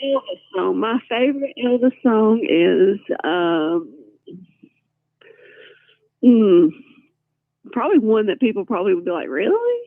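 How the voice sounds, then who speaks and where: A woman's voice: medium pitch, a little slow, pauses often, no echo. A woman chatting casually and playfully on a live stream, answering viewer comments with frequent laughter. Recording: tinny phone-like line.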